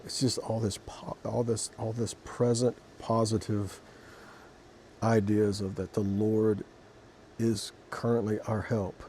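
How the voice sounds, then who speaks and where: A man reading scripture and then reflecting on it in an emotional, halting way, with many restarts. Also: lowish voice, flat delivery, warm tone, slight background noise. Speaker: Christian devotional video host.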